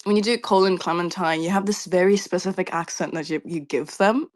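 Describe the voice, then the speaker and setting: A woman's voice: lowish voice, fairly quick. A woman co-hosting a casual chat, with a playful, teasing manner. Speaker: co-host.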